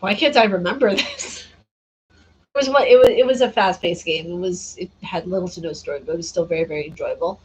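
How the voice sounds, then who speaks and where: A woman's voice: on the low side, brisk, a little hiss or hum, low-quality recording. A tired woman chatting casually on a gaming livestream, reading and answering viewer comments and laughing often. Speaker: gaming streamer.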